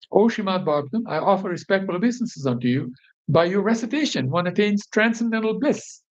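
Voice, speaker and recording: A man leading a devotional group, reading verses aloud and explaining them line by line, often checking in with his listeners. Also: a little high. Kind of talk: scripture reading with commentary. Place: bridal shop meeting space. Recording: dull lo-fi recording.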